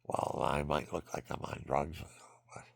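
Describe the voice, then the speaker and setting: An older man telling a rambling personal story, often dropping into hushed whispers and repeating himself. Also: a bass voice, little pitch movement, measured pace, dry recording. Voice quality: gravelly. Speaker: vlogger.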